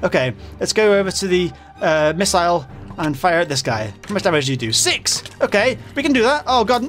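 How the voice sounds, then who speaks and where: Panicky game commentator, male, raised voice going hoarse, soft music under him. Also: high voice, big pitch swings, fairly quick. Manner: jumpy, swings from mumbling to panicked yelling; frequent fillers and self-corrections. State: voice getting hoarse. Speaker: gaming channel host. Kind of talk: Minecraft modpack let's play commentary.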